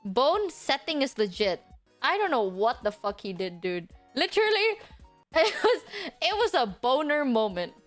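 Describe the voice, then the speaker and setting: A young woman streamer chats to her audience in a high, bouncing voice that swoops up and down. She tells a dramatic story and swears freely, in English that is not her first language. Faint music plays underneath. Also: moderate pace. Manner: animated, swearing, dramatic retelling. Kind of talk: casual storytelling chat.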